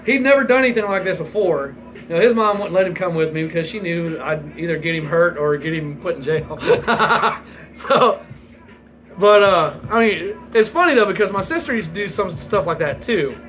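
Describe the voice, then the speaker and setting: Bright-voiced man telling a rowdy story. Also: high-pitched, expressive, moderate pace, faint music behind, rough recording. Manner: rambling, profane, laughs through the story. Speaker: vlogger. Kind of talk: casual storytelling.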